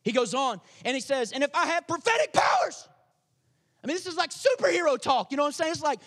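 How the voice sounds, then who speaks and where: A man preaching a sermon as pastor, energetic and dramatic, swinging between loud emphasis and hushed asides. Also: very high voice, quick pace.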